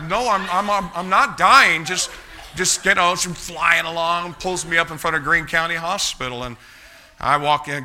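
A man's voice: medium pitch, pushed and bright. An older man telling a folksy story with chuckles, acting out the motions as he talks. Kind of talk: casual spoken storytelling.

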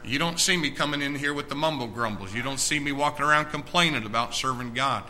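Fired-up preacher, bright forceful voice. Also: male voice, fast talker, a little hiss or hum, rough recording. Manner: exhorting, swings from low and quiet to loud and excited. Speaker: pastor. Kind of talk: sermon. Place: church sanctuary.

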